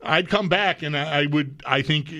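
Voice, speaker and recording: Bright, slightly high male radio co-host. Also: normal speed. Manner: chatty, hedging, stumbling starts. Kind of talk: casual talk radio banter.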